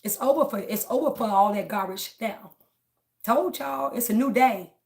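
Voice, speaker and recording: A woman's voice: on the high side, normal speed, creaky, a little mellow. A woman livestreaming a casual, preaching monologue, speaking emphatically, repeating her phrases and talking straight to her viewers. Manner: laughs between lines.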